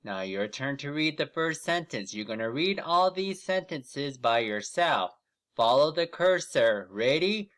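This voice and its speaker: Male teacher, fairly high, smooth voice; patient, encouraging, reads aloud slowly for young readers. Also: sing-song, a bit bright. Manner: slow, drawn-out words when reading aloud with students. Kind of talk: online reading lesson.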